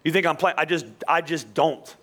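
A pastor in his forties, a man from Philadelphia, preaches in a loose, conversational way, full of asides and self-deprecating stories. His voice sits high and sounds bright and forward, and he keeps restarting phrases as he talks. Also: moderate pace. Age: 40s. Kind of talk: conversational sermon with personal stories.

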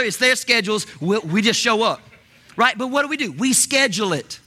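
A man preaching a lively sermon as pastor, talking in bursts with many repeated words and restarts. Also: high voice, brisk.

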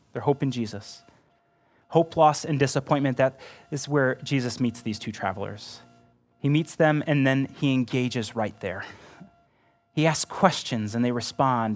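A male pastor delivering a sermon in an earnest, conversational way, with a voice of ordinary middle pitch. He keeps checking in with his listeners as he talks, and soft music plays faintly behind him. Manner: earnest and conversational, often asks the listener "right?".

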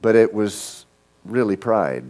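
A middle-aged man preaching a sermon as pastor, earnest and halting, often repeating words as he starts a sentence. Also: on the low side, animated, darkish tone.

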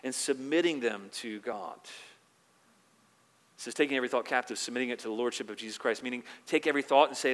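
A man preaching a sermon in an earnest manner. He grows louder when he quotes scripture and drops soft on quieter points. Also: medium pitch, quick pace, long reverb tail. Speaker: pastor.

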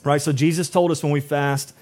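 Man, pastor, sermon, conversational delivery, acts out voices, fairly high pitch. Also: fairly even intonation, brisk, darkish tone.

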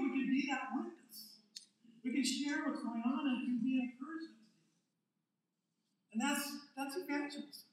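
High-voiced older man preaching in echoey hall. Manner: joking, chatty, draws in the congregation. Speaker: pastor. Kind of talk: conversational sermon. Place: church sanctuary. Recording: very echoey hall, mic at a distance.

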